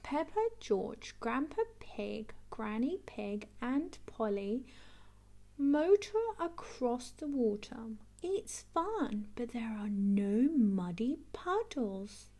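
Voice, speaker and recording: A woman reading a picture book aloud to children. She takes her time, her pitch sweeping up and down with storyteller flair. Slightly high, warm and unhurried. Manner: animated, expressive, slow and clear. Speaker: storybook reader.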